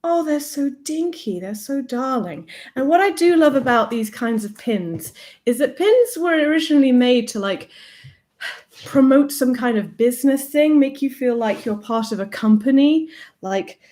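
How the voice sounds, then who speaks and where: A young woman hosting a casual livestream, chatty and playful, laughing often, reading out viewer comments, and sometimes dropping to a soft whisper. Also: high voice, expressive, normal speed. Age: young adult. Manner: drops to a soft whisper at times. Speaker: livestream host. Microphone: desk mic.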